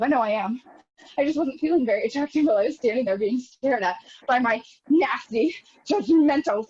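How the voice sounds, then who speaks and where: A young woman acting a neurotic, self-pitying married woman in a rambling, anxious theatre monologue over a video call. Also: sits high. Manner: rambling, anxious, bursting into near-tearful shouts. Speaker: actor in a scene study. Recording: dull lo-fi video call audio.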